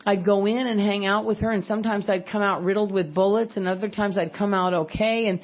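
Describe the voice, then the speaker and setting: A woman from California speaks earnestly about her own recovery, candid and direct, with the odd wry aside. Her voice sits at an ordinary middle pitch. The recording is slightly dull and lo-fi. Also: fairly even intonation, a little fast. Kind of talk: personal recovery talk.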